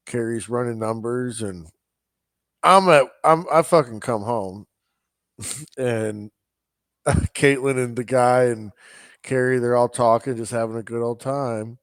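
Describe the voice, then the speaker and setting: A man's voice: mid-range voice, fairly even intonation, unhurried, smooth, dry recording, clean studio sound. A man co-hosting a podcast, telling a rambling anecdote in casual chat and mimicking the people in it. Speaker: podcast co-host.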